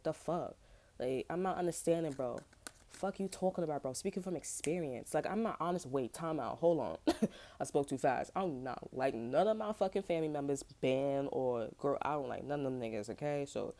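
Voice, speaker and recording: Woman, low mellow voice, casual tarot reader talking to camera; slangy, profane, rambling, laughs often.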